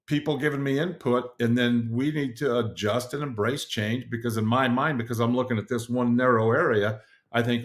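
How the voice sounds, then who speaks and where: A man's voice: mid-range voice, fairly even intonation, moderate pace. A middle-aged man hosting a podcast, giving an earnest motivational solo talk with frequent fillers and restarts. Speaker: podcast host.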